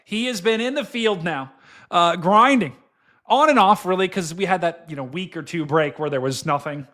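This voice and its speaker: A young man hosts a weather livestream with a noticeably high voice. He chats casually, gets excitable, and breaks into exclamations and laughs. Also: normal speed. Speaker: livestream weather show host.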